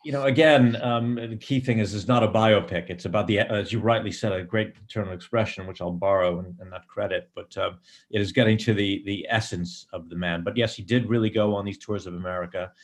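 A middle-aged man speaking in a low register, answering interview questions about writing. He is thoughtful and digressive, circling his points with frequent ums and restarts. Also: fairly even intonation, a little fast. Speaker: screenwriter and director.

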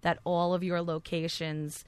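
Jersey woman, middle-aged, kinda low voice, lively storyteller talking fast when she gets going. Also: smooth, no echo. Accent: New Jersey. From New Jersey. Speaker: guest. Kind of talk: casual chat.

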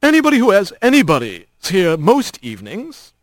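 A man's voice: sits high, huge pitch swings, fairly quick, dry recording, voice pushed up. A man voicing a young male hawk, a pompous and sneering gatekeeper type. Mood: snide.

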